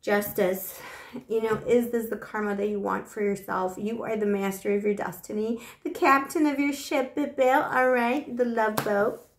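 A woman's voice: on the high side, steady tone, normal speed, echoey room. A woman doing a casual tarot reading to camera, chatty and affectionate, a little short of breath. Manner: chatty and affectionate, with fillers like "you know". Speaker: tarot reader.

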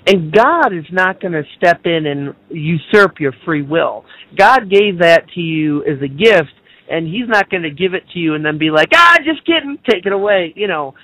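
Man, high voice, dry close sound, earnest spiritual explainer on talk radio. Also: animated, normal speed, fairly bright tone, no room sound, low-quality recording. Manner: earnest, lecturing, mocks others in exaggerated voices. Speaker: radio show guest.

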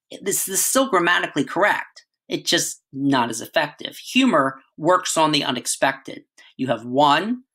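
Middle-aged male teacher, bright tone, casual classroom explainer. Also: on the high side. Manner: conversational, frequent "right?" and "all right" checks. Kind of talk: writing lesson.

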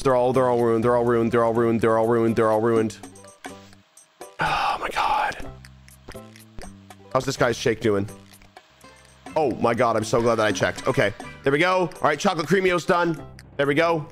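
A young man streaming a game live, talking restlessly to himself, mocking himself and repeating phrases, with faint music behind. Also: medium pitch. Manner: restless, self-mocking, repeats phrases under his breath. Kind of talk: live gameplay commentary.

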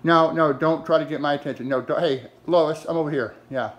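A man's voice: fairly high pitch, brisk. A man scolding his dog in a mock-stern, exasperated, sarcastic way, talking to it like a person.

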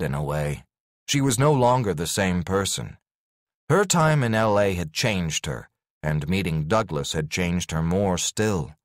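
Deep guy narrating an audiobook, lots of melody, dry close studio sound. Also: dry recording. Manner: expressive, even storytelling. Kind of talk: scripted narration.

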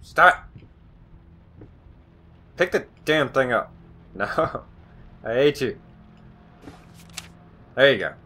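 A man's voice: mid-range voice, expressive, takes it slowly, long pauses. Sarcastic man cursing through a horror game. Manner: sarcastic, swears often, yells at the game. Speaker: gamer. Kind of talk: horror let's play commentary.

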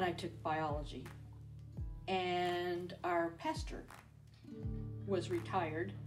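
A woman recounting a personal story of faith in an animated, storytelling interview. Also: on the low side. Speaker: interviewee giving a faith testimony.

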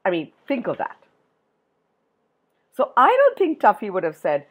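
A woman tells a rhyming story to children in a slow, unhurried reading. Her voice rises and falls dramatically as she stops to ask her young listeners questions. Her tone is slightly husky. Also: medium pitch. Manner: expressive, asks listeners questions. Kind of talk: reading a poem aloud to children.

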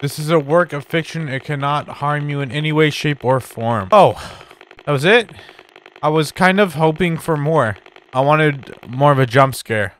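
A man's voice: on the high side, moderate pace, background noise. A young man giving casual, profane commentary while playing horror games, nervous and jumpy, talking back to the characters. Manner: jumpy, swearing, nervous laughter, talks to game characters. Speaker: gaming YouTuber. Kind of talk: horror game let's play commentary.

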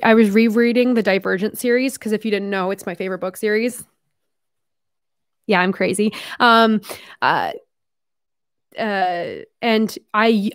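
A woman's voice: mid-range voice, dry recording, clean studio sound. A young woman from Canada chatting casually while opening fan mail, rambling with lots of fillers like "like" and "um". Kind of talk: casual vlog chat.

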